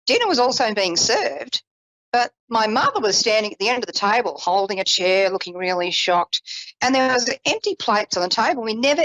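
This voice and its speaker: A woman psychic telling a personal story in an animated, casual way, with self-deprecating asides, acting out the voices she quotes. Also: on the high side, dry recording, rough recording. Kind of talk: storytelling on a call-in psychic show.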